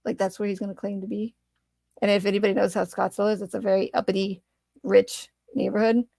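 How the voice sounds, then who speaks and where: A woman's voice: mid-range voice, flat delivery, fast, creaky, mellow, no room sound. A woman hosting a casual livestream chat, telling stories animatedly with fillers and frequent laughs. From Arizona. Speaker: channel host.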